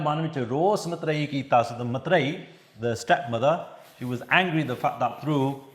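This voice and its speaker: Man giving an animated religious talk to a youth camp, mid voice, echoey hall. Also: medium pitch. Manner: animated storytelling, chants verses in Punjabi. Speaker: Sikh preacher.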